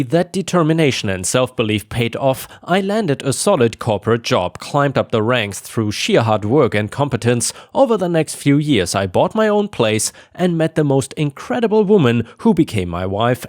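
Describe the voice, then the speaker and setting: A man narrates a tense first-person family story in a dramatic, storytelling manner. His pitch moves a lot as he reads. The recording is dry and close, with no room sound. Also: dry recording. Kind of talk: scripted narration of a reddit story.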